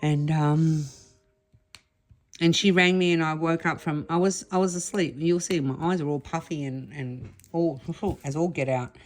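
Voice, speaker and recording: A woman with a low, deep voice tells a story to her viewers in a loose, rambling way. She stumbles, restarts and corrects herself, sounding close to tears, while faint music plays underneath. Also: steady tone, measured pace. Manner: rambling, emotional, self-correcting with many restarts. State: tearful. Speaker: vlogger. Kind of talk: casual emotional storytelling to camera.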